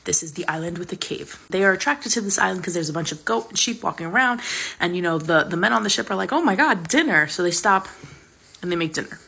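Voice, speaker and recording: A woman's voice: fairly low pitch, fast, gravelly, pushed and bright, slightly rough. A woman retelling an old myth in a chatty, sarcastic, casual way, with plenty of fillers. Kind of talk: casual storytelling.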